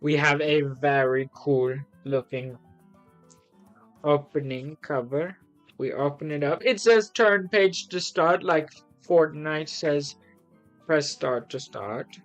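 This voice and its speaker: A man casually reviewing comics on a live stream, excitable and rambling with lots of ums and restarts. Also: a little high, slow pace, soft background music, poor audio.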